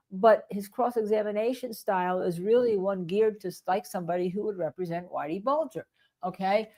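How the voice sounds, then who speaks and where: A woman's voice: medium pitch, warm tone. An older woman who is a defense attorney, hosting live legal commentary in a rambling way and repeating points for emphasis.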